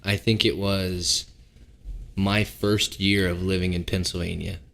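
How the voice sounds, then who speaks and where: Male guest, 30s, from Seattle, easygoing banter, very low gravelly voice. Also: unhurried. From Seattle, United States. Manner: relaxed, self-mocking, laughs easily. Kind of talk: casual podcast chat.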